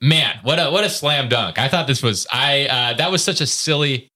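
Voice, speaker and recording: A man's voice: mid-range voice, moderate pace, pushed and bright. A man chatting casually about a comic, rambling with many fillers and restarts. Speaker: podcast co-host discussing a comic. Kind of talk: casual chat.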